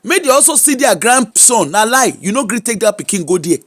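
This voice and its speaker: A woman's voice: on the high side, very animated, fairly quick. A Nigerian woman hosting a gossip show, giving casual commentary in an exclamatory way and switching freely between English, Pidgin and Yoruba.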